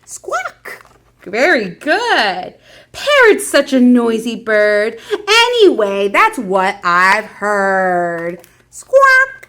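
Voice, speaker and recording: A woman's voice: mid-range voice, very animated, drawn-out words, fairly bright tone. A children's librarian, a woman, reading picture books aloud at story time with gasps and animal sound effects, prompting the children to join in.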